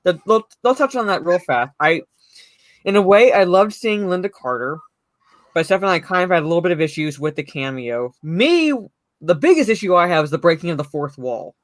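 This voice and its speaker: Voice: mid-range voice, sing-song, a little fast, no echo. A co-host of a casual pop culture stream who reads out viewer comments and explains points patiently, with many fillers.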